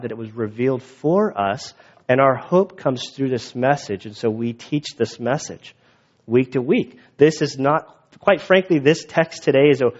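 A male pastor giving a casual, conversational sermon, in a dull lo-fi recording. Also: medium pitch. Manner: casual, quick, conversational with restarts.

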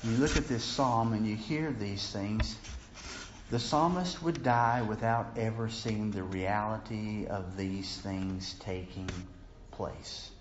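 A man's voice: fairly low pitch, takes it slowly, noisy background. A male preacher delivering a sermon earnestly, often rising to impassioned pleading as he reads scripture aloud. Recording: slightly dull, lo-fi with faint ambience.

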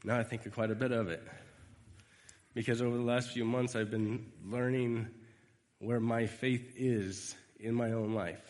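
A man giving a conversational storytelling sermon, animated and retelling scenes. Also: mid-range voice, measured pace. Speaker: preacher. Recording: reverberant hall.

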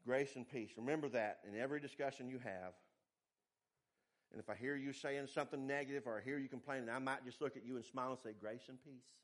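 A male pastor, preaching a sermon with animated swings between loud emphasis and quiet asides. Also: fast talker. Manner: animated preaching, pitch and volume rising and falling widely.

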